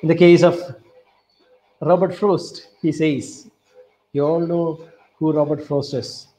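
A man with a Kerala Indian English accent giving an online lecture on poetry, speaking slowly and deliberately, repeating key phrases and reciting lines of verse softly. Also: fairly high pitch, fairly even intonation, rough recording. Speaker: English professor.

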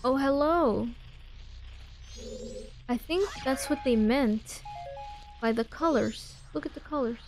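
A woman playing a video game and commenting on it, speaking softly and half whispering in quiet parts. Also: high voice, slow pace, pauses often, soft background music. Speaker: gamer.

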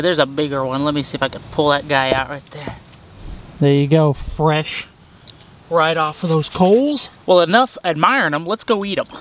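A young man chatting casually while vlogging from a beach campsite, upbeat and quick to laugh. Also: on the high side, fairly bright tone, a little hiss or hum. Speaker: outdoor adventure vlogger. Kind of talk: casual camp vlog narration.

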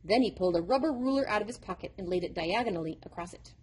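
A woman narrating a children's book in an expressive storytelling manner. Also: medium pitch, racing, slight background noise. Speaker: reader.

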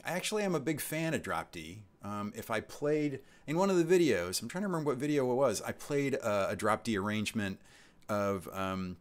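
A man in his sixties hosting his channel's live stream, chatting casually and reading out viewer comments with rambling asides. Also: fairly low pitch. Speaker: channel host.

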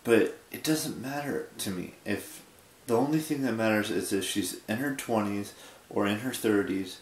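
Sleepy rambling young man, echoey room. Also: lowish voice. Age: 20s. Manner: rambling, halting, with many restarts. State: sleepy, yawning. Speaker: vlogger. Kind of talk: casual late-night vlog monologue.

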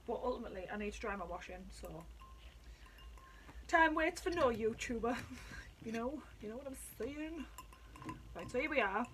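Woman, casual vlog chat, excitable and sweary, slightly high voice, faint background hiss. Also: poor audio. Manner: excitable, chatty, swears freely. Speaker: vlogger reviewing drinks. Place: at home indoors.

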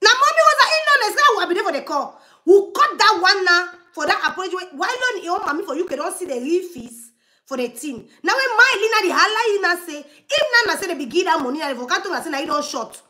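A woman giving animated livestream commentary, laughing often and dropping into murmured asides. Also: very high voice, fast.

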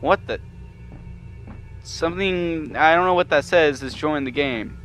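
A man's voice: a little high, measured pace, a bit bright, faint music behind. Jumpy young-sounding man narrating gameplay. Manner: jumpy, nervous, swears mildly, yelps when startled. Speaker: gamer playing a horror game. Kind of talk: let's-play commentary.

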